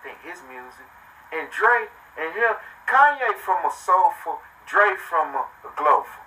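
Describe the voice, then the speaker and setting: An older man, a podcast guest, telling boastful stories in a brash, animated way, swearing often and swinging between loud and low. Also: a little slow. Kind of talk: boastful storytelling in casual chat. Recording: distant mic with faint noise.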